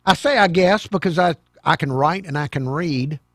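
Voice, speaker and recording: A man's voice: fairly high pitch, moderate pace, dry recording, clean studio sound. An older man hosting a call-in radio talk show, with wry, sarcastic asides.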